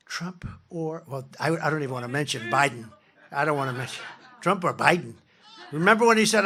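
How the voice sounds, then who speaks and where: A man in his seventies delivers a rambling, boastful campaign speech from a podium at a big rally, heard through the podium mic. As a political candidate, he speaks briskly in a fairly high, slightly bright voice with lively intonation.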